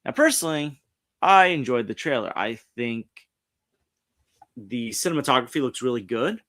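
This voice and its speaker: Streamer host, New man, mid-pitched, chatty and rambling, restarts often. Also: animated, normal speed, fairly bright tone. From New York. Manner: rambling, frequent restarts and self-corrections. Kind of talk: casual pop culture commentary, reading articles aloud. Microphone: streaming setup mic.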